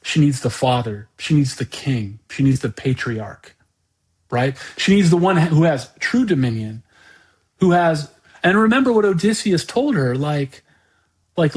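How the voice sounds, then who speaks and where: A man hosting a podcast, talking through an unscripted monologue in a halting way, often repeating words and restarting his sentences. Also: a little high, sing-song, a little mellow. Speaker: podcast host.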